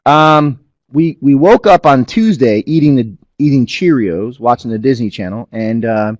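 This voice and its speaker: A middle-aged man presents a business opportunity over a webinar, mixing personal stories with pitches. He keeps checking in with listeners and leans on repetition. His voice sits at an average pitch, recorded close with no room sound. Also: normal speed, dry recording, muffled recording. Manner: animated storyteller, asks the audience to agree.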